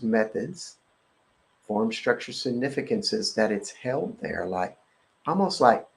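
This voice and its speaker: A man hosting a live energetic clearing session, repeating a chant-like clearing phrase and talking in a halting way with many fillers. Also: mid-range voice, rough recording. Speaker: host and energy-clearing practitioner. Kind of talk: guided energetic clearing talk on a live show.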